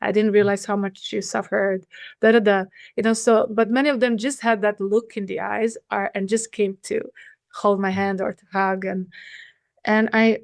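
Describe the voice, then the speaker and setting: A middle-aged woman recounts a personal memory as an interview guest, speaking earnestly and haltingly, often restarting her sentences. Her voice sits at an ordinary middle pitch. The sound is close and dry, with no room echo. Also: steady tone, gravelly. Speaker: podcast guest.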